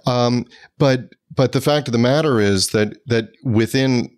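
A man co-hosting a podcast, a lawyer speaking in a measured, reflective way. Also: medium pitch, darkish tone. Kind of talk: casual conversation.

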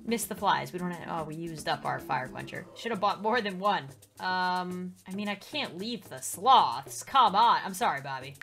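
A woman's voice: mid-range voice, lively intonation, normal speed, fairly bright tone, soft background music. A young woman playing a life-simulation game and commenting, reading the game text aloud, often shrieking and laughing. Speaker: gaming YouTuber. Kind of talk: Let's Play commentary.

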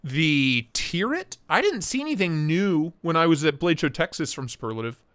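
A man hosting a casual livestream, talking in an excitable, slangy way and swearing freely. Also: a little high, normal speed, clean tone. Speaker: livestream host.

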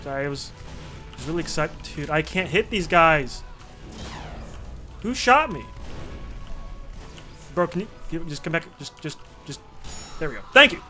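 A young man giving excitable, swearing, self-mocking commentary while he plays a game. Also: a little high, normal speed, pauses often, faint music behind. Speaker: gamer. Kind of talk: casual gameplay commentary.

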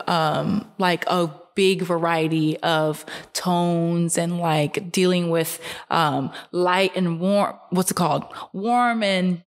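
Earnest young woman vlogging from a couch. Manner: earnest, animated, rising pitch on emphasis, frequent fillers. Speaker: fashion model and vlogger. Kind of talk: casual talking-to-camera monologue. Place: indoors, seated on a couch.

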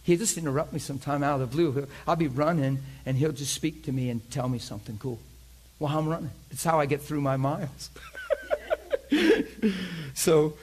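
Animated laughing man preaching. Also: fairly high pitch, brisk, pauses often, slightly rough. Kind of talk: sermon storytelling.

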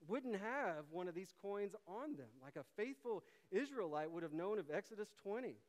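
Pastor, male, high and resonant, animated sermon delivery, reverberant sanctuary. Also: clean tone. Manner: animated, acts out quotes with big swings in volume. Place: church sanctuary.

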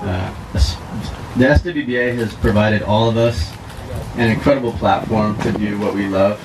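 A man at an outdoor weigh-in giving a short thank-you speech, halting and grateful, with many pauses and filler words. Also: on the low side. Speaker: winning angler giving thanks. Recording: noisy outdoor recording.

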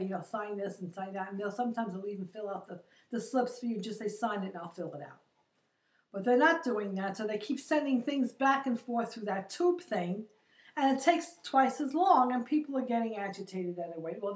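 A woman's voice: mid-range voice, lively intonation, moderate pace. An older woman vlogging a chatty, exasperated story of her day and quoting the people she met. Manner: chatty, exasperated, quotes others in her retelling. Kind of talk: casual storytelling monologue. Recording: roomy echo, distant from the mic.

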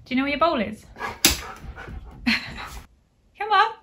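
A woman's voice: sits high, moderate pace, noisy background. A woman who makes dog videos, playfully coaxing her dog through tricks and laughing often. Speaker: dog owner and video maker. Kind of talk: talking to her dog during trick training.

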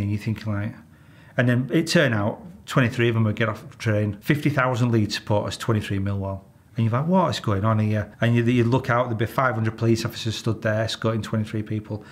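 Ranting Yorkshire man, blunt and exasperated. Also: medium pitch. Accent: Yorkshire English. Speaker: retired police officer. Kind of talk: candid interview storytelling.

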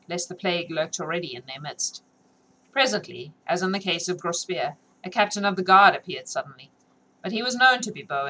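A woman reads a novel aloud on a live stream, then chats with viewers, laughing often and joking about herself. Her voice is low and a bit bright. The recording is rough, with a little hiss or hum.

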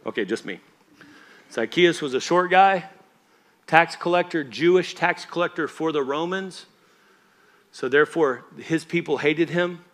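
A pastor delivers a church sermon in a fairly high voice, speaking a little slowly with long pauses. His manner with the congregation is conversational and emphatic, and he often checks that they're following along.

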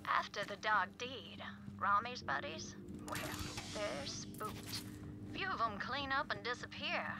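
A woman's voice: a little high, expressive, takes it slowly. A woman voicing a folksy frontier woman who drawls out a spooky legend, in a game. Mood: ominous storytelling. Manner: drawling, storytelling, folksy slang. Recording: game audio with clear background noise.

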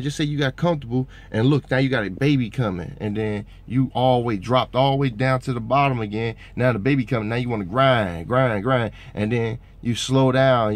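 A man who drives trucks talking in a casual vlog monologue. He rambles in a motivational way and keeps tossing in "man". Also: medium pitch.

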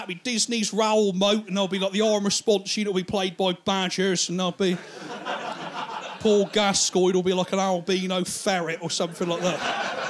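Man, stand-up comic, sweary, rambling, a bit high-pitched. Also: slight background noise. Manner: rambling, sweary, acts out characters. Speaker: stand-up comedian. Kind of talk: stand-up routine.

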